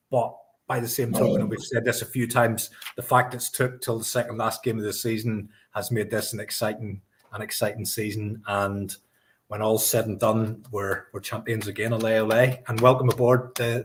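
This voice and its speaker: A man co-hosting a podcast, giving upbeat, measured match analysis in casual chat. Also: medium pitch, little pitch movement. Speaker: podcast co-host.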